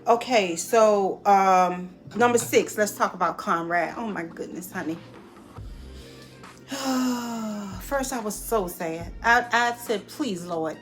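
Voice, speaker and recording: A woman giving a casual spoken movie review at home, chatty and expressive, calling her viewers honey and y'all. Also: mid-range voice, takes it slowly, faint music behind. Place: at home near her dishes.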